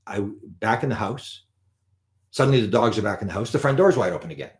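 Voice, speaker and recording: A man with a somewhat low voice speaks to a live audience. He tells a long anecdote in an animated way and acts out the quoted lines. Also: fast. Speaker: lecturer on UFOs. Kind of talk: live storytelling talk.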